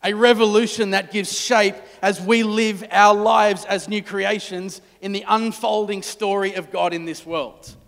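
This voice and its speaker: A man preaching a storytelling sermon, dramatic, dropping to hushed tones at key moments. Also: high-pitched, fairly even intonation, unhurried, creaky, few pauses, big-room sound. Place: church.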